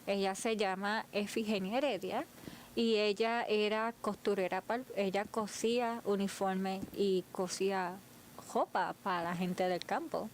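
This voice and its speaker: A woman's voice: mid-range voice, a little hiss or hum. A woman from Ponce, Puerto Rico, co-hosting an interview show and chatting easily between Spanish and English. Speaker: co-host. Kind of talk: casual chat.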